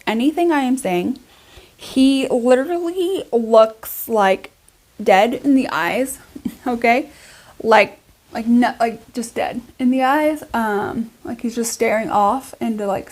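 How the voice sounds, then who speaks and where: A young woman with a somewhat high-pitched voice tells a long story in a casual, chatty way. She fills it with "like" and asides and keeps it animated as she does her makeup. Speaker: beauty vlogger.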